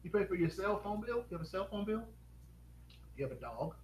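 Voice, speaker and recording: A man hosting a live stream pitch, upbeat and quizzing viewers with rapid questions. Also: sing-song. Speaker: host. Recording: echoey room with faint noise.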